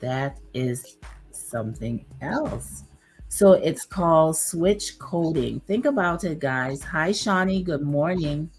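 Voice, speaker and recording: Deep-voiced lady chatting slow on a livestream, lots of ums, kinda hoarse, faint music under. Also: lively intonation, rough recording. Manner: unhurried, chatty, with many fillers. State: losing her voice. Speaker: YouTube livestream host. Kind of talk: casual livestream chat reading viewer comments.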